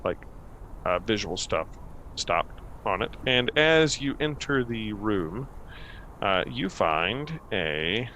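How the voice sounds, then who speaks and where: A man narrating as game master, unhurried and full of fillers. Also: lowish voice, very animated, bright, forceful tone, slight background noise.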